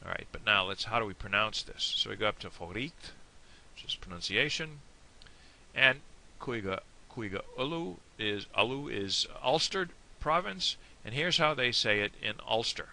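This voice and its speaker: A man's voice: lowish voice, animated, moderate pace, vocal fry, pushed and bright. A man with an American accent giving a casual, digressive video lesson. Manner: chatty, digressive. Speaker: Irish language teacher.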